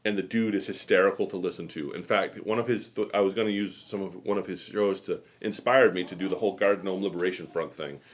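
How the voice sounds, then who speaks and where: A man's voice: low-pitched, fairly even intonation, fast, few pauses. Rambling, chatty middle-aged man. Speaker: host. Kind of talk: casual chat.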